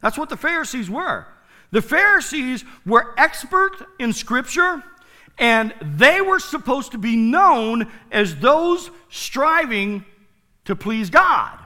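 Man preaching in church, really high bright voice, slow, big swings loud to hushed. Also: sing-song, in a large hall. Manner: playful asides to the congregation. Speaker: pastor. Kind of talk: sermon. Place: church sanctuary.

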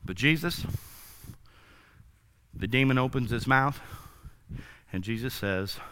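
A male pastor preaching a sermon to his church, emphatic and building to loud commands. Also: medium pitch, slow, slight background noise. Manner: emphatic, rising to shouted commands. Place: church sanctuary.

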